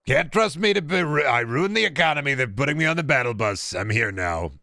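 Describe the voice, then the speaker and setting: A man's voice: medium pitch, animated, fairly quick, pushed and bright, dry recording, clean studio sound. A man doing a mocking impression of a boastful older male politician who repeats himself and rambles crude brags. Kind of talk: comedic impression while gaming.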